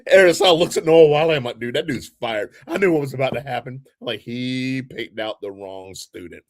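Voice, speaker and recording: A man's voice: mid-range voice, fairly quick. A man co-hosting a casual podcast, telling a story with lots of swearing. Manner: lively storyteller, swears freely. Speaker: podcast co-host. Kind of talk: casual chat.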